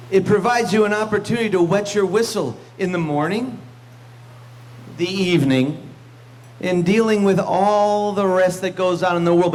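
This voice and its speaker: A man's voice: high voice, a little hiss or hum. A man giving a joking, mock-solemn memorial toast at a club party, in a banquet room full of guests. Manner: mock-solemn, tongue-in-cheek.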